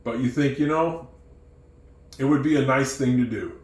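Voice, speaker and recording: A man teaching English who tells a moral story, acting out its characters with lively changes of voice. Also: medium pitch, normal speed, roomy sound. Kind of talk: storytelling lesson.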